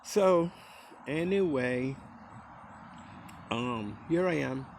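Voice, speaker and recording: A man's voice: mid-range voice, expressive, extremely slow, creaky, a little hiss or hum. A middle-aged man from Costa Rica with a Costa Rican Caribbean Creole English accent, rambling easily in a casual recorded message. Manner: rambling and easygoing, with many fillers. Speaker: speaker sending a recorded message to a friend.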